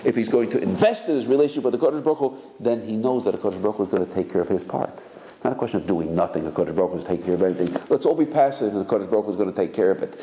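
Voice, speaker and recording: Fast-talking, low-voiced rabbi. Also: male voice, mellow, low-quality recording. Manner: mixes Hebrew terms, acts out quoted voices. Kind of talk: Torah lecture.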